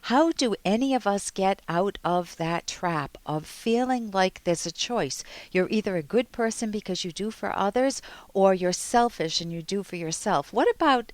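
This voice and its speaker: A woman psychologist hosts an advice radio show in a calm, teaching tone. Her voice sits at a middle pitch and is recorded close and dry in a studio, with no room sound behind it. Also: moderate pace, dry recording. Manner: calm, instructive, gently explaining.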